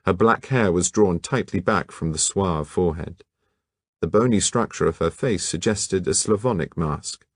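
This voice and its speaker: A man narrating a novel as an audiobook in measured, even storytelling. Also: sits low, dry recording, clean studio sound.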